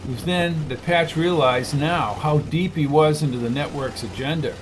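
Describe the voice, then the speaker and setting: Higher-pitched male narrator reading fiction. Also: moderate pace. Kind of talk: scripted audiobook narration. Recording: noisy recording.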